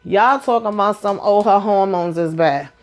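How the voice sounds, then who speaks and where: A woman casually recapping a TV episode, acting out characters' lines in quick, animated bursts and blunt, profane asides. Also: medium pitch, soft background music. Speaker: TV show recap host.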